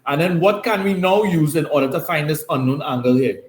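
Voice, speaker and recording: A man's voice: on the high side, animated, a little fast. A man teaching a maths class, explaining step by step and often checking with "right?". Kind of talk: classroom lesson. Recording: roomy classroom echo.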